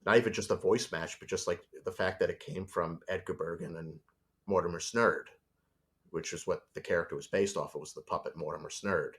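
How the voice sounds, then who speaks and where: Deep-voiced and brisk, a man appears as a storyboard artist guest in a laid-back interview. He recounts stories animatedly, voicing the different characters.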